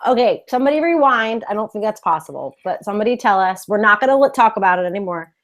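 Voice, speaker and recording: A woman's voice: medium pitch, expressive, quick pace. A woman co-hosting a casual live chat over a video call, playful and joking. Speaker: co-host.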